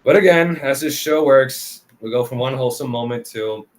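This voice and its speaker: A man casually recapping anime episodes for a review show, talking loosely with lots of fillers and quick laughs. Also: medium pitch. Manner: loose and chatty, full of "like" and "kinda", laughs often.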